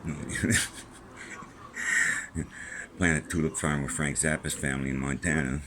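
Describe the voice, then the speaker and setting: Very deep-voiced rambling man. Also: steady tone, a little slow, noisy background. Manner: rambling, profane, jumping between topics. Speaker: vlogger. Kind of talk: rambling casual monologue. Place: small room at home with a fan on.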